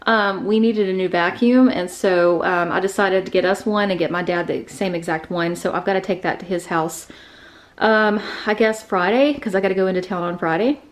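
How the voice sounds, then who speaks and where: The vlogger's voice here is lowish with fairly even intonation and a moderate pace as she strolls through her new house, casually narrating, using lots of fillers and sounding a bit out of breath.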